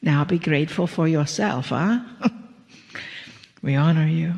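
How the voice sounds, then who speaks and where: A woman speaks a channeled spiritual message to a gathered audience, letting her phrases drift slowly into whispers. Her voice carries a gravelly edge, and the long reverb of a large hall trails behind every word. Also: low voice, darkish tone. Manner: slow, drawn out, slipping into whispers, playful chuckles.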